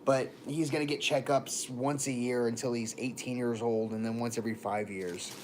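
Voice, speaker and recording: A young man talks casually on a livestream, rambling through stories and greeting viewers by name. His pitch sits in an ordinary middle range. A faint hum stays underneath the whole recording. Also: steady tone, normal speed. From born in Texas, raised in Florida.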